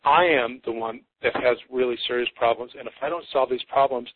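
A man's voice: medium pitch, brisk, dry recording. A psychotherapist in his fifties, a podcast guest, talking earnestly and reflectively, often stopping and restarting. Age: 50s. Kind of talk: conversational interview. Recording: tinny phone-like line, dry.

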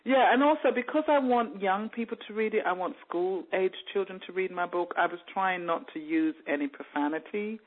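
A woman's voice: mid-range voice, brisk, hardly any pauses. A woman raised in England, an author telling her story in a radio interview and acting out the voices she heard. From born in Jamaica, raised in England. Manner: animated storytelling, mimics voices she overheard. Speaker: author guest. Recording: narrow phone-like radio sound.

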